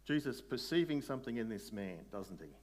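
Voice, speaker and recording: A man preaching a sermon in a conversational way, putting questions to his listeners and slowing down on key words. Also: mid-range voice, very animated. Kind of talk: sermon, Bible exposition.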